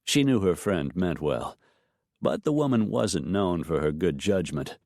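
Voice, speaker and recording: A male audiobook narrator reads scripted narration in a low, expressive voice at a slow pace. The recording is clean studio sound with no echo.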